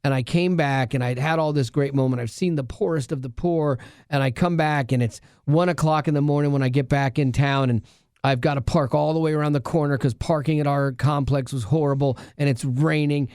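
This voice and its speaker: Earnest, higher-pitched man telling a story. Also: fairly even intonation, brisk, a little mellow, smooth, no echo, clean studio sound. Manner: earnest storytelling with many restarts. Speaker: radio show co-host. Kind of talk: casual podcast chat.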